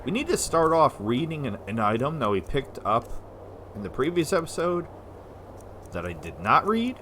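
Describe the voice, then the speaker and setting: A man from the United States giving casual, rambling let's-play commentary as a gaming video host, sometimes slurring syllables when excited. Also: mid-range voice, normal speed, slight background noise. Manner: rambling, chatty, self-deprecating.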